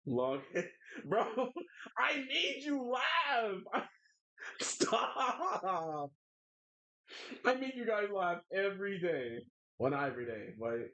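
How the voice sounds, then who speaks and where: An adult streamer chatting casually while drawing, playfully whining and laughing a lot. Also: medium pitch. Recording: dull lo-fi mic.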